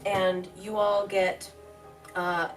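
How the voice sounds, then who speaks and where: A woman's voice: mid-range voice, level tone, very slow. A woman playing in a tabletop game, describing her spell hesitantly with fillers, recorded from a distance with music behind. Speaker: player. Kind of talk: casual tabletop play. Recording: distant mic with clear background music.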